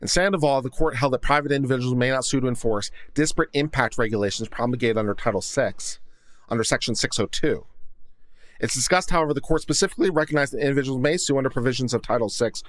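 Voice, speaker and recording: On a legal commentary show, a male host reads a court opinion aloud, breaking in with thoughtful asides of his own. He talks fast at a medium pitch, recorded dry on a studio condenser mic.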